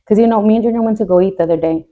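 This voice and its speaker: A woman's voice: medium pitch, rapid-fire, phone-quality sound. Candid woman telling a grief story. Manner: candid, jokes to cope, voice drops when tearful. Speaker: podcast co-host. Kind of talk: casual emotional storytelling.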